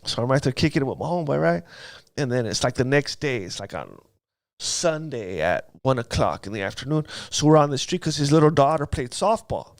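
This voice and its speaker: Man, gravelly voice, lively pitch, street slang, storytelling testimony, dry studio sound. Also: brisk, no room sound. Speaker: guest telling his life story. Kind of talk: casual testimony interview.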